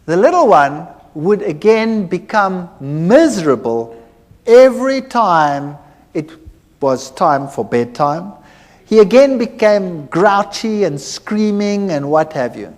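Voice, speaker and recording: A man, a former university lecturer, giving a personal testimony, telling his story with animated acted-out dialogue. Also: high voice. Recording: hall reverb.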